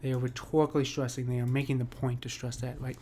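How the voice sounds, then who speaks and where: Flat-voiced man teaching poetry meter. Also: mid-range voice, quick pace, slight background noise. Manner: casual, many fillers and "right?" checks. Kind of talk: screen-share lesson.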